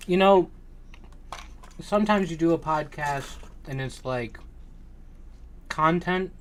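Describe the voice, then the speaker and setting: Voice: mid-range voice, slow, a little hiss or hum. Easygoing, laughing podcast co-host. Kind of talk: casual chat.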